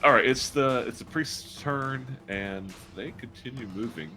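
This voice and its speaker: A man's voice: mid-range voice, a little slow, over music. A man running a tabletop role-playing game as game master, narrating combat results with animation.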